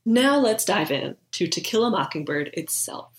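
A woman's voice: fairly low pitch, big pitch swings, normal speed. A woman co-hosting a film podcast in casual chat, laughing and teasing as she argues her point. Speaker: podcast co-host. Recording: roomy echo.

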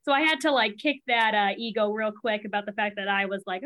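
A young adult woman guest in a casual chat, telling animated stories, laughing often and acting out what others said. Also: medium pitch, fairly quick, hardly any pauses. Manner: animated storytelling, laughs often, acts out quotes. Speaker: podcast guest.

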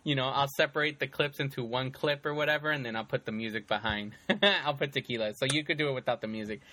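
A man hosting a casual chat about movies, telling scenes in an animated way with lots of fillers and frequent laughter. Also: mid-range voice, fast talker. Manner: animated storytelling, many fillers, laughs often.

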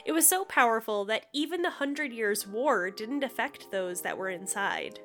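A woman co-hosts a chatty podcast in a high, bright voice. She reads from her notes but keeps breaking into giggles and playful asides. Faint music plays behind her. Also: animated, normal speed. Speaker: podcast co-host. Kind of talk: casual scripted podcast chat.

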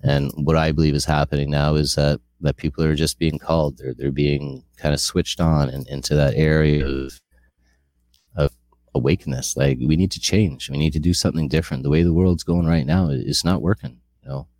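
A man's voice: extremely low pitch, steady tone, moderate pace, darkish tone, no echo. A middle-aged man sharing a candid personal testimony, earnest and rambling with frequent restarts.

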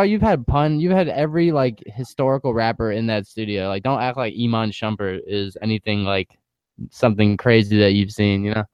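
A man co-hosting a podcast in casual chat, animated and slangy, full of fillers. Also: medium pitch, fairly quick, clean tone, no echo. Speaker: podcast co-host.

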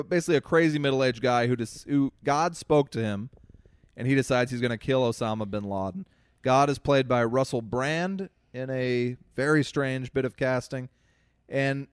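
Man telling stories, smooth dry voice. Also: medium pitch, no room sound. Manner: profane, storytelling, addresses listeners as folks. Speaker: podcast co-host. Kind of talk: casual chat.

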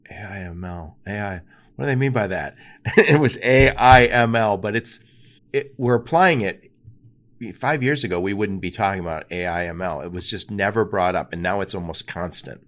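Male podcast host, lowish voice, emphatic and animated delivery. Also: moderate pace. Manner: animated, emphatic, talks in quoted asides. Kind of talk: conversational interview.

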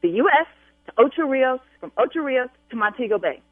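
A woman's voice: sits high, lively intonation, a little fast, no room sound. A woman on a phone call, demanding and insistent, raising her voice as she argues. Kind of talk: heated phone argument. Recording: tinny phone line, dry.

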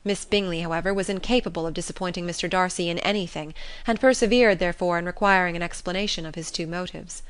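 A woman narrating a classic novel in a measured, expressive way. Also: on the low side, clean tone. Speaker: audiobook narrator.

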